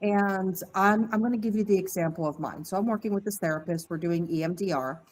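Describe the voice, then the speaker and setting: A woman telling a candid personal story on a podcast, lively and quoting others in her tale. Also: mid-range voice, brisk, rough recording. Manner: candid, animated, mimics voices in quotes. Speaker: podcast guest. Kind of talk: casual storytelling.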